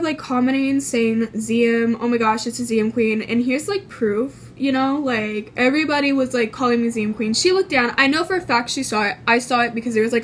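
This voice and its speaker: A woman from California tells a casual storytime vlog in a higher-than-usual voice. She rambles and restarts, leans hard on fillers and swears without a second thought. Light background noise sits under the recording. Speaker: vlogger.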